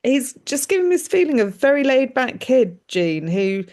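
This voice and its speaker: A woman leads a live mediumship demonstration, talking in a chatty, animated way and laughing often. Her voice sits fairly high for a woman. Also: normal speed. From United Kingdom.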